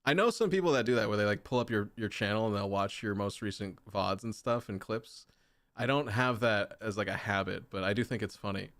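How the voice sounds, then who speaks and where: A man's voice: on the low side, brisk, fairly bright tone, no room sound. A man streaming a video game, chatting casually with viewers in joking, rambling, self-mocking banter. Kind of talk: casual live-stream chat. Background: game music.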